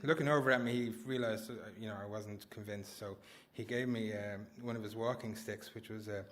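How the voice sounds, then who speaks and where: Bright-voiced man telling a funny story live. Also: lowish voice, fairly even intonation, fairly quick, a little hiss or hum. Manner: rambling, self-mocking, laughs through lines. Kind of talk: live story slam performance. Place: small live venue indoors.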